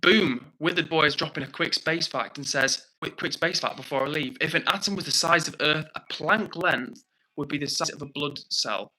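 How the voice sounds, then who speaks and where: A young British man hosting a livestream, chatting casually, reading out viewer comments and thanking people warmly. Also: on the high side, normal speed, poor audio. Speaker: livestream host.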